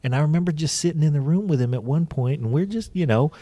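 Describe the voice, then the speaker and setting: A man hosting a casual podcast chat, telling stories in a lively, swearing way. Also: a little high, quick pace, no echo. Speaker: podcast host.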